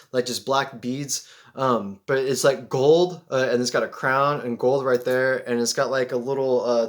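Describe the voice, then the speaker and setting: A young vlogger from Seattle, USA rambles through a spiritual story in a medium-pitched voice. He's excitable and animated, sprinkling in "like" and swearing.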